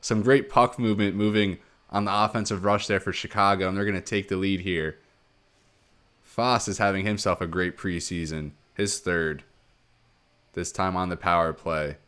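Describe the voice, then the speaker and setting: A man giving play-by-play commentary on a hockey video game, calling each play quickly and rising sharply on goals. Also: sits low, clear, resonant tone. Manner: rapid play-by-play, excited surges on goals. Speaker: gaming commentator.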